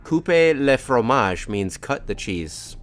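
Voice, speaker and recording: A man's voice: medium pitch, sing-song, slow pace. A man casually commenting on his own racing game during a live stream, chatting to his cat and to himself. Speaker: gaming streamer.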